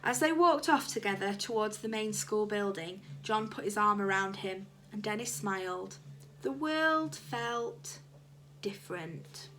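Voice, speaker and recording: A woman reading a children's book aloud to young listeners, animated and expressive. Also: mid-range voice, measured pace.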